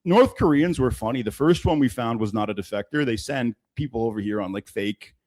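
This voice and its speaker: Male podcast host, mid pitch, animated storyteller, casual and profane. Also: brisk, low-quality recording. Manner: animated, swearing, laughing storyteller. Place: Toronto.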